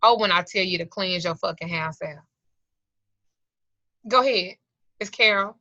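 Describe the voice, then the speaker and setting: A woman's voice: lowish voice, normal speed, sharp tone, no room sound. A middle-aged woman teaching an occult class over a video call, swearing freely, joking and acting out little scenes. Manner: profane, joking storyteller who acts out voices. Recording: dull lo-fi video call audio.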